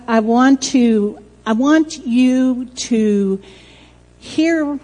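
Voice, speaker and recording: Slow-spoken grandmother, tearful and tender. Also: medium pitch, long reverb tail. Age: older. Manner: emotional, warm storytelling, addressing her granddaughter. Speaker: church speaker. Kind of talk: personal testimony to a congregation.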